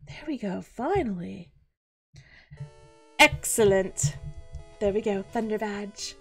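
A woman's voice: fairly high pitch, expressive, slow pace, pauses often, faint music behind. A woman hosting a gaming channel, giving chatty, playful commentary on her own play and exclaiming often. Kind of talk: casual game commentary.

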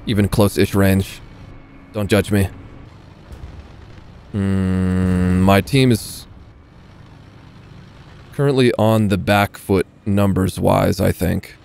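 A man's voice: deep voice, fairly even intonation, slow pace, gravelly, pauses often, a little mellow, a little hiss or hum. A man giving casual, swearing gameplay commentary as he plays, talking half to himself and half to viewers. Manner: muttering, swearing asides to viewers. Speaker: gaming video creator.

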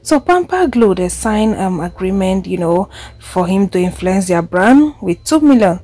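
A woman's voice: mid-range voice, very animated, measured pace, warm tone, dry recording. A woman with a Nigerian accent giving casual gossip commentary as a vlogger, chatty and switching between Pidgin and English.

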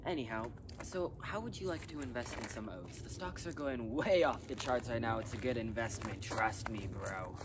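A young performer playing a boastful, shady male oat salesman who rambles erratically and jumps to sudden shouts. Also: mid-range voice, moderate pace, hardly any pauses, noisy background, close to an everyday voice. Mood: smarmy. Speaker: salesman character. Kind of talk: comedic sketch acting.

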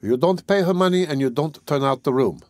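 A man's voice: lively intonation, a little fast, darkish tone, no room sound, clean studio sound, close to an everyday voice. A male audiobook narrator voicing a talkative, cheerful peasant servant woman in a raised, teasing voice. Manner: chatty, teasing, higher-pitched.

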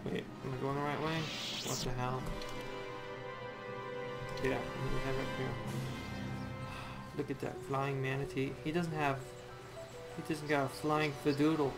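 A man's voice: mid-range voice, level tone, unhurried, pauses often. A young man giving goofy, sarcastic commentary while playing a video game and talking back to the characters. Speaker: let's play gamer. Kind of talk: casual gameplay commentary. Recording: commentary over game music.

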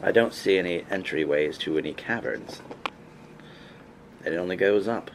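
A man speaking in character as a player in a tabletop game, formal and measured. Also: sits low, background noise.

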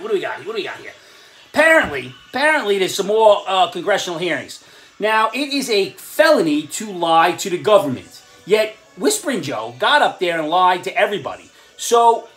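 A man's voice: sits high, fairly bright tone. A man in his fifties hosting a comedic rant vlog, sarcastic and ranting, often breaking into laughs. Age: 50s. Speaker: host.

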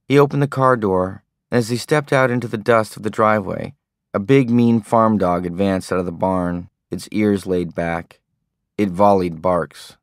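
A man narrating an audiobook in a steady, understated way. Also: low-pitched, no echo, clean studio sound. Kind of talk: scripted narration.

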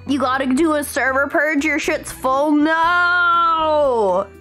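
A woman's voice: sits high, slow, bright, forceful tone, faint music behind. A woman hosting a casual live stream, chatting in a bubbly, gushing way with lots of slang. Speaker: streamer host.

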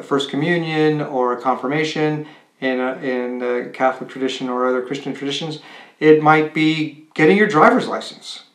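Man explaining in a roomy space. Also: on the high side. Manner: conversational, with many restarts and rhetorical "right?". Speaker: college admissions counselor. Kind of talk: explanatory talk to students. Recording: roomy echo.

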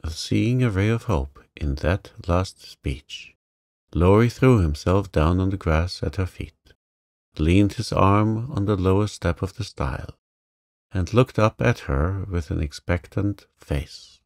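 A man narrating a classic novel as a calm sleep story, in a soft, even way. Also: sits low, slow pace, dry recording, clean studio sound.

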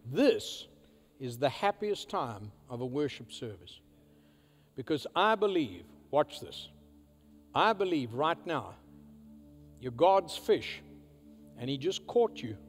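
A male pastor preaching a sermon, swinging from loud emphatic declarations to hushed, quiet asides. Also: mid-range voice, sing-song, takes it slowly, pauses often, husky, soft background music. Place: church sanctuary. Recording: church hall reverb.

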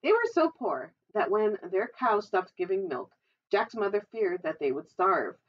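A librarian reading a children's storybook aloud, adding chatty, giggly asides. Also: female voice, medium pitch, big pitch swings, measured pace. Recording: dull, distant recording.

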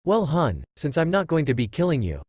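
A man's voice: on the high side, huge pitch swings, brisk, darkish tone, breathy edge, dry recording, lo-fi sound, heavily acted. A man voicing a polite but menacing male swordsman ninja in a fanfic reading. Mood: pleading.

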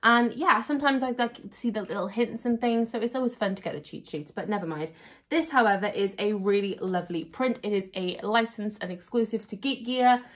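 A woman vlogger chatting casually at home while unboxing, gushing and excitable, often repeating "really, really". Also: medium pitch, fairly quick.

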